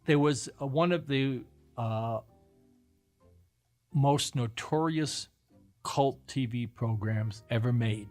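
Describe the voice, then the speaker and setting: A man's voice: mid-range voice, a little mellow. A man hosting a casual chat, retelling old TV shows in a rambling, hesitant way with many fillers. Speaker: host.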